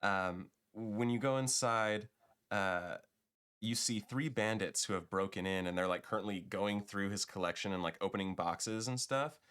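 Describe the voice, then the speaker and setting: A man's voice: lowish voice, normal speed, fairly bright tone, clean tone. A man narrating a tabletop game as game master, loose and chatty with fillers and small laughs.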